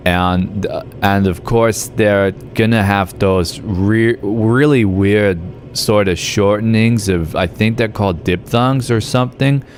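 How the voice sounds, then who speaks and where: A man's voice: lowish voice, slow pace, few pauses, slight background noise. A man with an Australian accent chatting casually with his live-stream audience while gaming, rambling with lots of filler words. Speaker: game streamer.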